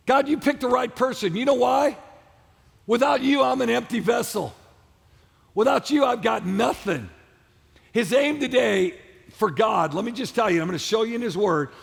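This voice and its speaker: Pastor guy preaching loud, high gravelly voice, big echoey church hall, keeps getting the crowd to say stuff back. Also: lively intonation, moderate pace. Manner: preaching with call-and-response to the congregation; emphatic, repetitive, shouted peaks. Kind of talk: sermon. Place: large church auditorium. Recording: long hall reverb of a church auditorium.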